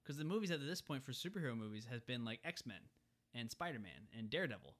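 Quick bright guy chatting about a movie, does little character voices when he retells stuff. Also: mid-range voice, sing-song. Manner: retells scenes, quoting characters in put-on voices. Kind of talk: casual podcast chat about a film.

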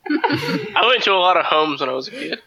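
A man playing in a tabletop role-playing game, cracking quick one-liners. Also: sits high, sing-song, vocal fry, pushed and bright, slightly rough, no echo, low-quality recording. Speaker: player.

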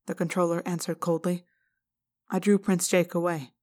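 A woman reading an audiobook aloud in the first person, with steady, measured narration. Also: lowish voice. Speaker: audiobook reader.

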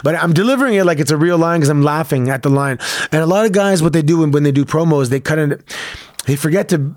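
A man telling relaxed stories as a guest in a casual interview. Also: on the high side, fast, dry recording. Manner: relaxed, storytelling, easygoing. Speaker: guest, former wrestler.

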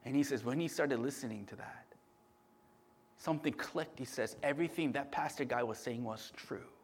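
A man preaching a sermon, telling stories with lots of "right?" tag questions and swinging between loud bursts and hushed murmurs. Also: mid-range voice, moderate pace, slightly rough. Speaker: pastor.

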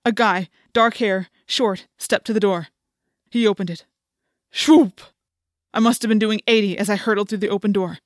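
A woman's voice: medium pitch, steady tone, a little fast, no room sound, clean studio sound. A woman narrating an audiobook in the first person, telling the story with intense, dramatic delivery.

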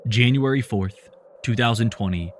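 A man's voice: moderate pace, background noise, close to an everyday voice. A man voicing a mysterious stranger who whispers urgent, commanding instructions. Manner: hushed, low and insistent.

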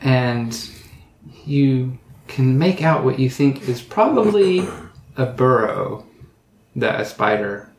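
A game master narrating a tabletop game at a relaxed pace, slipping in small asides and casual fillers. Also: medium pitch, slow, roomy sound.

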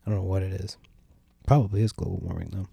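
A man's voice: sits low, fairly even intonation, fast, vocal fry, warm tone, slightly rough, no room sound. A young adult man hosting a casual solo podcast, rambling and complaining with lots of swearing and a sardonic edge. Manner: profane, rambling, meandering. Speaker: podcast host. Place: sitting at home by a window.

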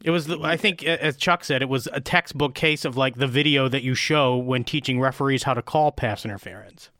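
A man with a mid-pitched voice chimes in with quick, joking remarks in a loose sports chat. The sound is dry and close-miked. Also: bright, forceful tone, no echo. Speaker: podcast co-host. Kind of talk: casual chat.

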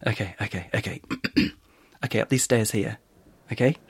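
In a playful comedy bit, a male podcast co-host tells long jokes theatrically while laughing along. He has a fairly low-pitched voice and a moderate pace. The recording has a roomy quality and some faint noise.

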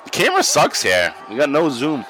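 A man's voice: mid-range voice, huge pitch swings, brisk, music in the background. A man co-hosting a podcast, chatting casually and crudely with lots of swearing while watching wrestling. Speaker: podcast co-host. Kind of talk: casual watch-along chat. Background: wrestling broadcast playing.

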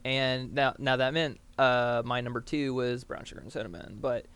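A man's voice: mid-range voice, steady tone, normal speed, fairly bright tone, clean tone. A man from the American South, co-hosting a podcast in casual, rambling chat full of fillers. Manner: rambling, filler-heavy, laughs often. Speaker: podcast co-host.

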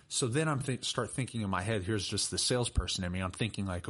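A young personal trainer talks casually on a podcast, telling stories in a lowish, slightly rough voice. He speaks fast with few pauses, chatty and animated, laughing and using plenty of fillers.

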